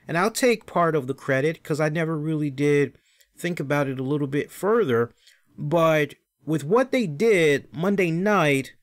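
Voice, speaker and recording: Man, podcast host, casual wrestling rant, profane, mocking impressions, slightly high voice.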